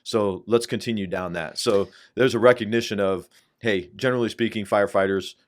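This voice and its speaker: A man hosting a podcast, asking thoughtful follow-up questions in a measured way and summing up points. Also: lowish voice, fairly even intonation. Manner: measured, affirming, sums up and asks follow-ups. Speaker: podcast host. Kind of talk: interview questions and reflection.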